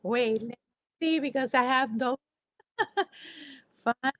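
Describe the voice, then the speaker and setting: A woman with a high voice speaks slowly and hesitantly as she joins a livestream. The sound is dry and close, with no room echo. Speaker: guest joining a livestream.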